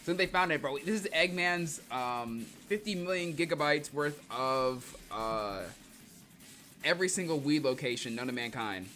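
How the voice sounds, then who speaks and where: Brief: young male streamer, bright tone, faint music underneath, loose rambling jokey delivery. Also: fairly high pitch, expressive, moderate pace. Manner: rambling, joking, laughs often. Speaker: streamer reading comics. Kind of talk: casual livestream commentary.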